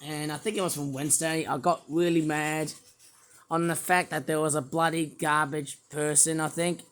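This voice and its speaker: A man with a sore, hoarse throat, rambling through a casual toy review vlog from a quiet room at home. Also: fairly high pitch, flat delivery, moderate pace. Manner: rambling, repeats fillers and restarts.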